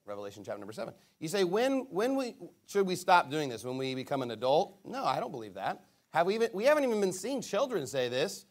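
A high-voiced man preaches as a pastor. He is lively and playful, leading children in a game and calling out to the crowd between scripture readings. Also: fast.

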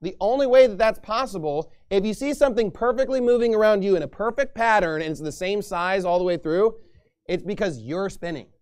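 Male pastor, high-pitched, emphatic preacher; reads scripture aloud. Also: expressive, brisk, darkish tone, clean tone. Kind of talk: sermon.

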